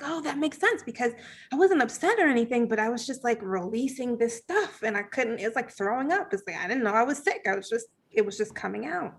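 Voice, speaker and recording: A woman guest on a podcast telling a personal story in a casual, animated way, full of fillers and acted-out thoughts. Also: on the high side, fairly quick, husky. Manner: animated, many fillers, acts out her own past thoughts.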